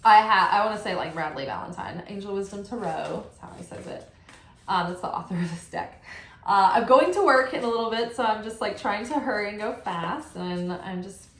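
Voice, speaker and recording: A woman giving a casual spiritual tarot reading, animated and chatty, full of affirmations and frequent "like". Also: medium pitch, vocal fry. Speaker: tarot reader. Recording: roomy echo.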